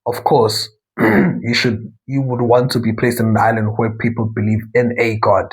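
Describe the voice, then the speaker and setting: A man's voice: lowish voice, flat delivery, normal speed, breathy edge, low-quality recording. A young man from South Africa hosting a talk show, talking casually in a rambling monologue full of asides and self-corrections.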